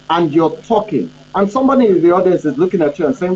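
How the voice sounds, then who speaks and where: High-voiced man giving an emphatic lesson. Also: sing-song, fairly quick, few pauses, mellow. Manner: emphatic, repetitive, asks "you understand?". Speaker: communication trainer and coach. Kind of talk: instructional talk. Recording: dull lo-fi audio with faint electrical hum.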